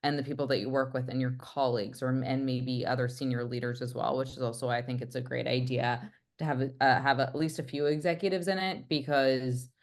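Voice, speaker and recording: A woman's voice: rumbling low, steady tone, brisk, hardly any pauses. A woman hosting an interview who speaks casually and often affirms her guest with "yeah.". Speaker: interviewer, host.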